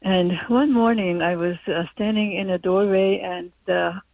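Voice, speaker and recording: A woman's voice: mid-range voice, fairly even intonation, measured pace, creaky, a little mellow, no echo, dull audio. Woman calling in. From Hungary. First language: Hungarian. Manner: hesitant, with many fillers. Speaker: caller. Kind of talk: call-in storytelling. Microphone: telephone call.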